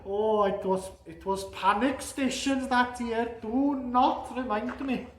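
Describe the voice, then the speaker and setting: A man's voice: extremely high pitch, fairly even intonation, slow, a bit bright, exaggerated voice. A man playing Santa Claus, reading a storybook aloud to children with chuckles and chatty asides. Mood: jolly. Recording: echoey room.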